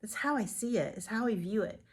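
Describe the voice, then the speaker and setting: An earnest woman in her forties gives a motivational talk to her direct sales team. She sounds emotional and gushing, and she drops to breathy whispers for emphasis. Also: medium pitch, brisk.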